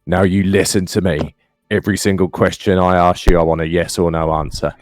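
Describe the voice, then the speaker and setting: A man's voice: low voice, flat delivery, a little fast, dry recording, clean studio sound, lightly acted. A man voicing a menacing male interrogator in a tabletop game, with a commanding, threatening delivery.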